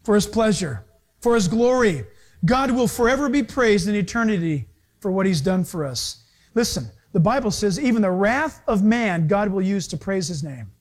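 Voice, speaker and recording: Animated high-voiced male pastor preaching. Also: normal speed. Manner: animated preaching with acted-out dialogue. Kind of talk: sermon.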